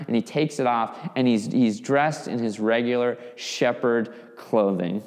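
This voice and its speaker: Brief: male pastor, mid-pitched voice, animated storytelling, long church-hall reverb. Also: moderate pace. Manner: animated storytelling, vivid asides. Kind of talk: sermon.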